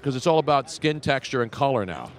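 A man's voice: mid-range voice, big pitch swings, fairly quick. A man hosting a talk show, blunt and opinionated in casual chat. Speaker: host.

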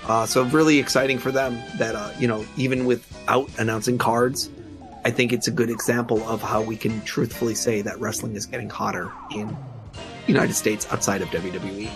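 A man's voice: medium pitch, fairly even intonation, a little fast, music in the background. A man hosting a podcast in casual chat, his voice grainy as it recovers, rambling with many fillers. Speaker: podcast host.

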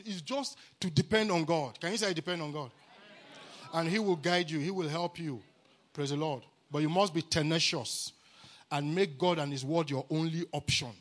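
A man with a Nigerian accent preaching a sermon at a church camp meeting, exuberant and calling for responses, at times rising to shouts. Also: on the high side. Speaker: guest preacher.

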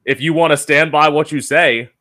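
A man's voice: fairly high pitch, normal speed. A man hosting an interview, telling gossipy stories casually and filling his talk with "like.". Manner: gossipy, animated storytelling with many fillers. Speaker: interview host.

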